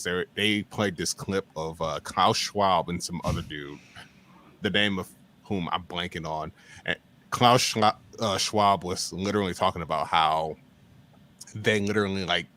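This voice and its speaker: A man with a very deep voice chats offhand on a stream. He hesitates and fills his sentences with fillers. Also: sharp tone, a little hiss or hum. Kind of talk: casual chat.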